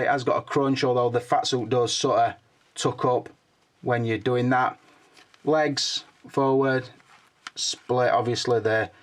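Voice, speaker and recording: Chatty older man reviewing toys. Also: mid-range voice. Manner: chatty and frank, swears casually. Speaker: toy collectible reviewer. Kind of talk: casual hands-on product review.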